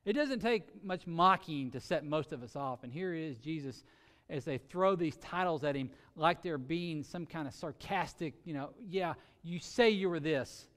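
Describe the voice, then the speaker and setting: A man preaching a sermon earnestly, with sudden shifts between loud emphasis and quiet, drawn-out words. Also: fairly high pitch, lively intonation, big-room sound. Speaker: pastor.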